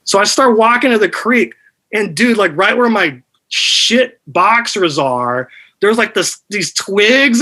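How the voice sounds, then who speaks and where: High, bright-voiced man telling crude stories. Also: poor audio. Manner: animated, crude storytelling full of "dude". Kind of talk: casual podcast chat.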